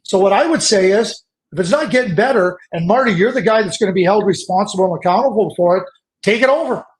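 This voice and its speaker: Emphatic high-voiced hockey analyst man. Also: fast talker. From Canada. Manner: emphatic, repeats words when pressing a point. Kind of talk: animated opinionated podcast talk.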